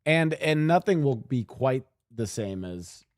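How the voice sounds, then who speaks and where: A man's voice: mid-range voice, lively intonation, a little slow, a little mellow, no echo, studio quality. A man streaming and reacting to clips, rambling animatedly and talking to his chat.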